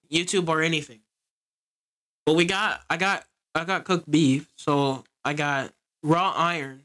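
A man's voice: fairly high pitch, sharp tone. A man giving casual, rambling gameplay commentary and talking to his viewers. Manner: rambling, easygoing, talks to viewers. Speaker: gaming video creator.

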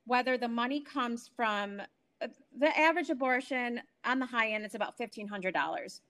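A woman in her forties tells a story from her own life as a guest, speaking from home over a remote call. Her voice is a little high for a woman. She is animated and keeps restarting her sentences. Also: moderate pace. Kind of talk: emotional personal testimony.

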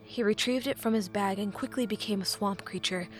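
A woman reading a fan fiction audiobook, with expressive narration that drops to a hush at dramatic moments. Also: mid-range voice, brisk, faint music behind.

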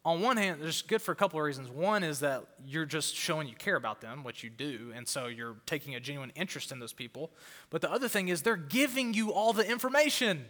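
Fired-up preacher man, bright ringing voice. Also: a little high, fairly quick. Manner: fired-up preaching, repeats words for emphasis. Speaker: pastor. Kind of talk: sermon. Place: church auditorium before a crowd. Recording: long hall reverb.

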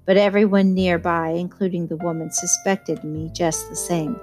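A woman reading a novel aloud in first-person narration, measured and even. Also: lowish voice, faint music behind. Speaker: audiobook reader.

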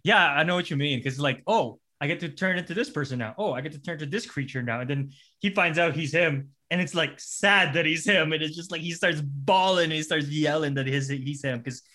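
A man's voice: on the high side, a little fast, few pauses, pushed and bright. A man in casual chat who acts out scenes with quoted voices and laughs often.

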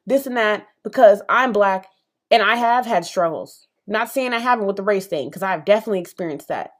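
A woman's voice: medium pitch, animated, fairly quick. A young adult woman hosting a solo podcast, speaking passionately and emphatically in a conversational way, with many fillers and asides. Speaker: podcast host. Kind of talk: solo opinion podcast monologue.

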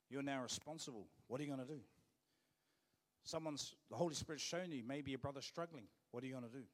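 A man's voice: medium pitch, animated, brisk. A male pastor with a New Zealand accent delivers a sermon. He talks to the congregation in a loose, conversational way and hammers points home by repeating his phrases. His mid-range voice carries a long reverb from a church auditorium.

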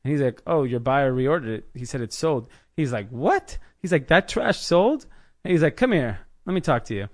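A man in his thirties from the Los Angeles area, a podcast guest telling his business story in a casual, animated way, acting out the people he quotes. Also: medium pitch, fast talker, hardly any pauses. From United States, Los Angeles area. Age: 30s. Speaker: podcast guest, clothing brand founder.

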